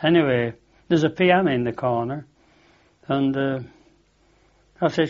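This rambling reminiscence comes from an older man with a Lancashire accent who keeps repeating "I said" and chuckles at his own anecdote during a chatty interview. His voice is mid-range and a little slow, captured on a dull, lo-fi recording.

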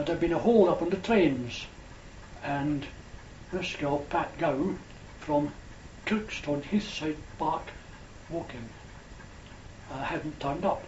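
A man's voice: on the high side, darkish tone. An older man from Scotland with a Scottish accent, telling a rambling travel memory with hesitations and self-corrections. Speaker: storyteller. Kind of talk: oral history reminiscence. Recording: roomy, dull lo-fi recording with faint hiss.

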